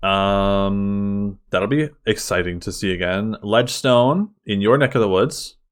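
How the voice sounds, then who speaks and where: A man co-hosting a sports podcast in casual chat, excitable and full of fillers. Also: lowish voice, a little slow, smooth. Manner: excitable, uses lots of fillers. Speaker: podcast co-host.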